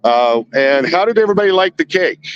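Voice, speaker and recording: A man's voice: a little high, animated, fairly quick, smooth, highs cut off. A man live-streaming outdoors at night from a handheld phone, sweating as he reads chat and fires off indignant rhetorical questions.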